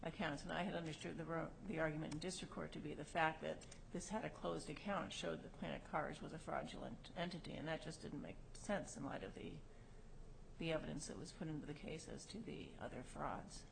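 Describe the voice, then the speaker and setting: A woman's voice: low-pitched, a little fast, gravelly, noisy background. A woman judge questioning an attorney at oral argument with pointed, probing questions. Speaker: appellate judge.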